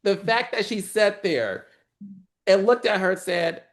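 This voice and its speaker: Man, chatty recap host, dramatic, slightly high voice. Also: measured pace. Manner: animated, dramatic retellings with squealing quoted lines. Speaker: podcast host. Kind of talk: casual reality-TV recap chat.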